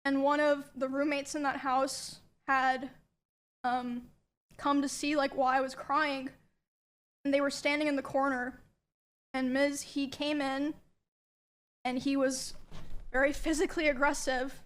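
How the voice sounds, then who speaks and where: A young woman streamer quietly recounting a personal story, hesitant with many pauses. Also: high-pitched, level tone. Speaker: streamer telling her story. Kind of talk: personal confessional narration.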